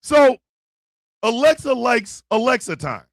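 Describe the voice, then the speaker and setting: A man hosting a radio talk show, giving comedic advice in a loud, profane voice and often shouting. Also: very high voice, gravelly, dry recording, clean studio sound.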